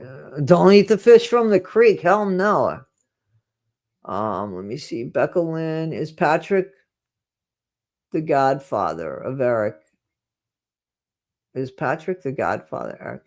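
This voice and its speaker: A livestream host reading viewer comments in a casual chat, blunt and full of restarts, swinging between quiet mumbling and loud ranting. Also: medium pitch.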